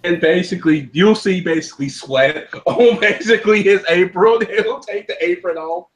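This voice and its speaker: A man's voice: high voice, moderate pace. Casual man playing a tabletop game. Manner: casual, repeats "basically". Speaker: player.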